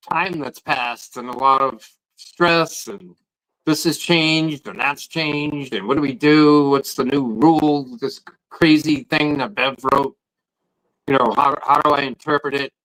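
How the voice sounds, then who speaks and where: Bright-voiced man, rambling. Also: a little high, unhurried, poor audio. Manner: rambling, repeats words when starting sentences. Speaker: guest protester. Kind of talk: casual podcast chat.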